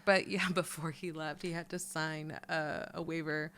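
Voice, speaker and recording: Low-voiced giggly woman. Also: a little slow, a little hiss or hum. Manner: relaxed, giggly, trails off mid-sentence. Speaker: podcast co-host. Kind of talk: casual chat.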